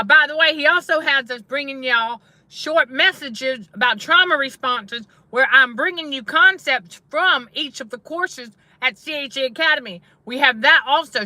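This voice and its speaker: Woman, middle-aged, casual testimony to viewers, repeats for emphasis, high pitch, dry close sound. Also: bright, forceful tone, no echo. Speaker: faith-based trauma coach and channel host. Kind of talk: casual livestream preaching.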